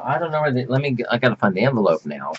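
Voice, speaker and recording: Flamboyant whooping man with swooping pitch. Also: big pitch swings, rapid-fire, lo-fi sound, slight background noise. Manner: flamboyant, whooping, giggly, theatrical swings from shrill to low mutter. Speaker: performance artist vlogger. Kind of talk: rambling camp monologue to webcam. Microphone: webcam.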